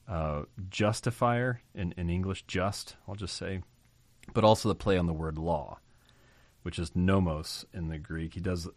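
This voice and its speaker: A man's voice: sits low, no room sound. A man hosting a podcast, teaching through a Bible passage by reading verses aloud and explaining them phrase by phrase, repeating key terms for emphasis. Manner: reads scripture aloud, then unpacks it word by word.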